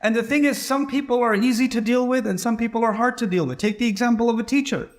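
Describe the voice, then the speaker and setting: A man with a fairly high voice delivers a sermon. He talks in a relaxed, conversational way and acts out the people in his stories. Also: quick pace. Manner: conversational, acts out quoted dialogue. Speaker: preacher.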